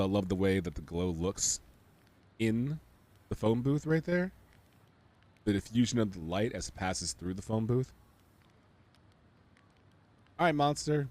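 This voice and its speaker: A man streaming a video game, giving casual commentary with wry, sarcastic asides and sudden excited outbursts. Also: deep voice.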